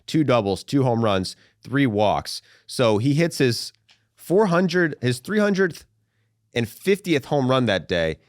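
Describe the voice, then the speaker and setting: A man hosting a sports podcast, chatting casually in an animated, slangy, rambling way. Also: medium pitch, no room sound, studio quality. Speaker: podcast host.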